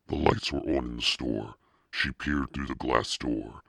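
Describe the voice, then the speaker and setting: A man narrating a spooky children's storybook in a steady, suspenseful reading. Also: extremely low pitch, measured pace, creaky, husky, no echo, clean studio sound. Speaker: audiobook narrator.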